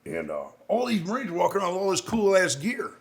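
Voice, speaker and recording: A middle-aged man with a high voice and vocal fry talks quickly as a podcast co-host and Marine veteran. Casually telling war stories, he's animated and profane, acting out the dialogue in a raised voice.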